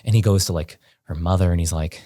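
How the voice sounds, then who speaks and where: A man guest on a podcast, telling a story in casual conversation, animated and full of "like" and "um". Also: sits low, quick pace, no echo, studio quality. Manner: animated, heavy on fillers like "like" and "um".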